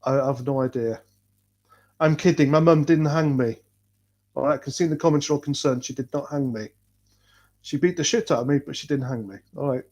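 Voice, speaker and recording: A man's voice: medium pitch, fairly quick, pauses often, a little mellow. A man from North Wales with a North Welsh accent, chatting casually on a livestream, blunt and rambling, swearing freely. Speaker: livestream host reading chat.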